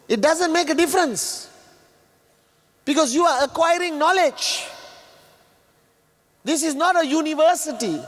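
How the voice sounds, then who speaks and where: A man giving a motivational stage speech, emphatic and repetitive, sometimes shouting at the audience. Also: very high voice. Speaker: motivational speaker. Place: large event hall. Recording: long reverb of a large hall.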